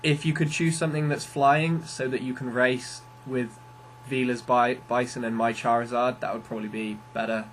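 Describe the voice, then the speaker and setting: A man's voice: mid-range voice, little pitch movement, normal speed, a bit bright, a little hiss or hum. A man hosting a casual interview, asking laid-back questions and teasing his guest. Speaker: podcast host.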